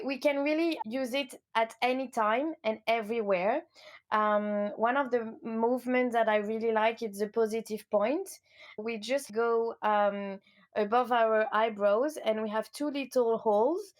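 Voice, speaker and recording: A woman's voice: a little high, steady tone, unhurried. French-accented woman, upbeat guest. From France. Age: 30s. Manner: earnest, upbeat, with frequent um fillers. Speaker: guest, educational kinesiology coach. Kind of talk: casual interview conversation.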